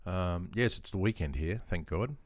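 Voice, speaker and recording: An Australian man streaming live, chatting casually in a relaxed, rambling way with frequent ums and chuckles. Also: low voice, moderate pace.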